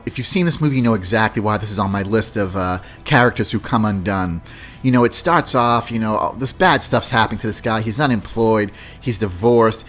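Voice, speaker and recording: A man's voice: on the low side, a bit bright. A man in his forties hosting a solo podcast, talking loosely and casually, often tossing in "you know what I mean". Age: 40s. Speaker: podcast host. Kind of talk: solo podcast movie countdown.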